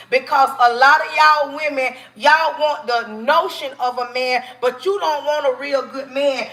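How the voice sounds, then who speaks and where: A woman's voice: sits high, pushed and bright. A woman hosting a live stream, giving emphatic, preachy relationship advice straight to her viewers.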